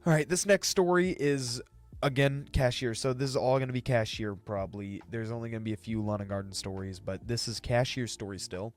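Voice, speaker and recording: A young man telling a casual retail story time, ranting and swearing, his voice jumping up when he gets exasperated. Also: moderate pace. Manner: ranting, swings high when exasperated, profane.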